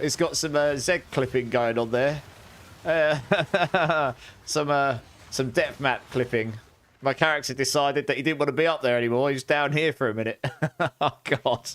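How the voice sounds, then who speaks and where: A man's voice: medium pitch, normal speed, fairly bright tone. A young man chatting casually on a game live stream, thanking viewers and exclaiming often.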